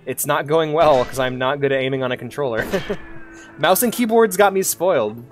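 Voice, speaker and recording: A man's voice: a little high, normal speed, faint music behind. A man streaming a video game, chatting casually, joking and laughing at himself often. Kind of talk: casual gameplay commentary.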